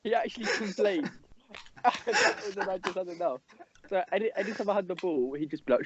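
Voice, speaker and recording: A young man co-hosting a podcast, telling a story in an animated, exasperated way. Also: high voice, a little fast, a little hiss or hum. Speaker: podcast co-host. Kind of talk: casual storytelling chat. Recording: dull lo-fi podcast audio.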